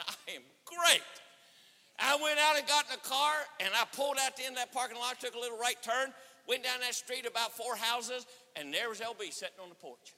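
A man preaching at a conference, telling a story with acted-out dialogue and rising to shouts. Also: very high-pitched. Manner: animated, acts out dialogue, swells to shouting. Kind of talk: sermon storytelling. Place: church or conference hall. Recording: reverberant hall.

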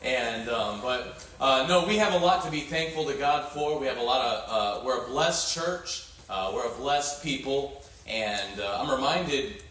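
A man preaching a sermon in a halting, folksy way, with many filler sounds. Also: medium pitch, a bit bright, slight background noise. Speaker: pastor. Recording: echoey church hall from far off.

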